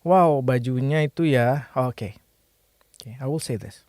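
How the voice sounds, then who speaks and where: A man's voice: mid-range voice, a little slow, a little mellow. A young man with an Indonesian accent, a native Indonesian speaker, giving a casual language lesson, thinking aloud and hesitantly searching for his words. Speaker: language teacher.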